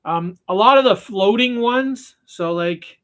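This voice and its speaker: Man, high voice, rambling, casual live stream host, fly tying chat. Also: a little slow, a bit bright. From Canada. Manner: rambling, with frequent restarts and fillers.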